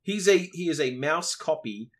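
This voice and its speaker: A man's voice: on the high side, animated, normal speed, a bit bright. An Australian man co-hosting a casual podcast chat, wry and grumbling. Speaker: podcast co-host.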